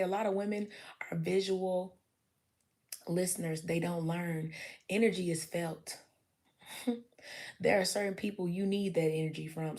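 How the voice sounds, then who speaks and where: A woman's voice: on the low side, creaky, darkish tone. A young adult woman, chatting candidly on a livestream, swearing freely and acting out quotes. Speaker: livestream host. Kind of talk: casual storytelling chat.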